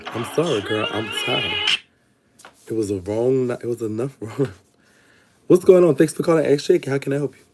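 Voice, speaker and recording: A man hosting a call-in advice show over the phone. He talks fast and calls his callers "my baby" and "sister". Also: medium pitch, huge pitch swings, a little mellow, faint music behind.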